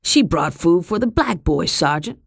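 A man's voice: fairly high pitch, expressive, normal speed, vocal fry. A reader voicing a nasty, hungry male soldier who snarls and complains. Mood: snarling.

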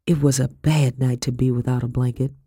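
A man giving steady, measured scripted narration of an audiobook. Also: medium pitch, husky, no room sound, clean studio sound.

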